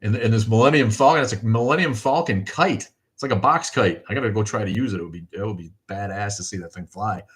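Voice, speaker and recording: Fast and barely pausing, a middle-aged man with a voice on the low side chats casually on his livestream. He reads viewer comments, thanks people, and rants in a rambling, profane manner.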